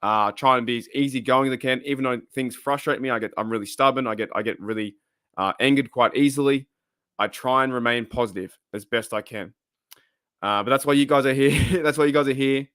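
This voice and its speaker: A man's voice: mid-range voice, brisk, a bit bright, dry recording, clean studio sound. A young Australian man chatting casually on his channel, rambling off on tangents and chuckling often. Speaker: channel host. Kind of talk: casual live-stream chat.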